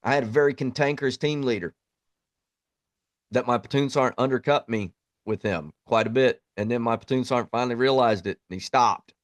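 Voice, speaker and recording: A man speaks in a blunt, plainspoken way, reflecting like a veteran hosting his own podcast. His voice sits at an ordinary middle pitch. The sound is dry and close, with no room echo. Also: a little fast. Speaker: podcast host, Army veteran. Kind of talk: reflective monologue.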